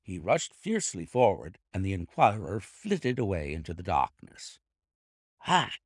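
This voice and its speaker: Expressive male audiobook narrator, low gravelly voice. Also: normal speed, no echo, studio quality. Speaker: audiobook reader. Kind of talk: scripted narration.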